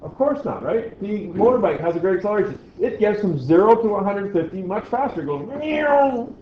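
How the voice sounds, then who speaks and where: A man's voice: high-pitched, expressive, fairly quick, dull audio, a little hiss or hum. A man teaching a physics lesson in a classroom, quizzing the class as he goes. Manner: chatty, asks the class questions. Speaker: science teacher.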